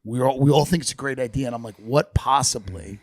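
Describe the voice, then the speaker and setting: A man chatting casually on a comedy podcast, telling animated stories and mimicking people in a raised voice. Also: medium pitch, rapid-fire.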